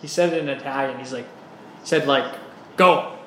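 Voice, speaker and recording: A young man co-hosting a casual podcast chat, joking and animated, swearing freely. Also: mid-range voice, a little fast. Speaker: podcast co-host. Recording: echoey room, faint background noise.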